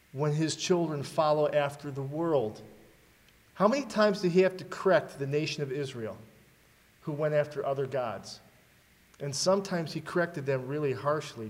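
A man preaching a sermon, asking the congregation rhetorical questions and giving dramatic readings. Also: on the high side. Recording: long hall reverb.

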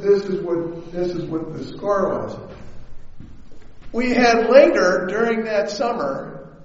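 A man preaching a storytelling sermon, chatty and often checking in with his listeners. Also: sits high. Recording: echoey hall, dull lo-fi sound.

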